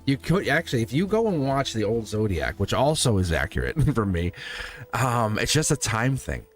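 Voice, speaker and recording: A man's voice: medium pitch, big pitch swings, moderate pace. A man hosting a live tarot stream in casual, rambling chat, chuckling between sentences. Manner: slips into playful put-on voices when quoting people.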